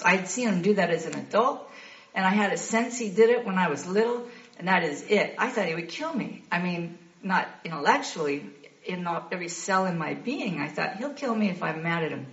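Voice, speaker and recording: A woman in her sixties telling a personal recovery story, candid and halting, often breaking into laughs. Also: medium pitch, a bit bright. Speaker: guest sharing a recovery story. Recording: roomy, dull lo-fi recording.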